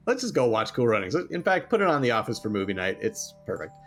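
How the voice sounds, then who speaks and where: A man's voice: medium pitch, big pitch swings, fast talker, a bit bright, faint music behind. A man co-hosting a podcast, bantering casually in a playful, jokey way and laughing often. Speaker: podcast co-host.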